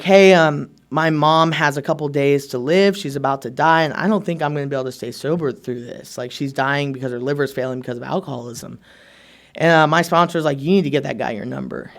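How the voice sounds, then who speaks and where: A young man giving a candid personal testimony at a recovery meeting, talking casually and often dropping "like" and "right?". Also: on the high side. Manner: earnest, emotionally open storytelling.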